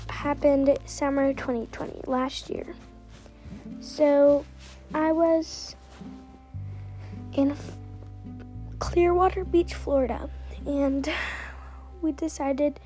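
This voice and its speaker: A high-pitched woman hosting a podcast recounts something personal, wandering casually through the story with lots of "like" as filler. She's soft-spoken and occasionally lapses into a whisper.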